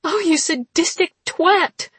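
Fiery young woman, sharp and indignant, husky edge, read by the narrator. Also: medium pitch, normal speed, dry recording. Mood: angry.

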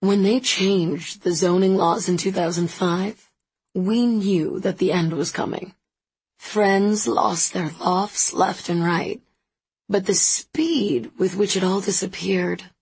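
A woman voicing a worldly, wistful older hostess in an audiobook, measured and reflective, with a husky, gravelly voice. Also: mid-range voice, fairly even intonation, darkish tone, exaggerated voice, poor audio. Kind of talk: audiobook character voice.

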